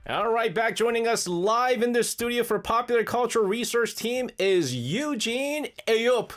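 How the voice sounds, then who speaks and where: A man's voice: very high-pitched, expressive, fairly bright tone, soft background music. A man hosting a radio show from the studio, joking and rambling in casual chat. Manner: joking, rambling, quick to laugh. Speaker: radio host.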